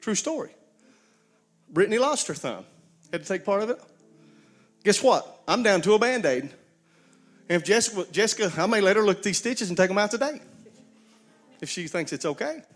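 A man's voice: high voice, animated, moderate pace, pauses often, faint music behind. A man preaching a sermon, folksy storytelling with call-and-response to his congregation. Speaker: pastor.

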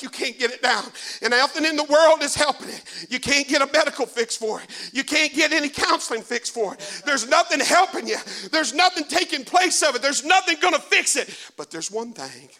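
High-pitched, folksy preacher man. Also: a little fast, hardly any pauses. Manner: swings from hushed asides to shouted exhortation. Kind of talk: sermon. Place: church.

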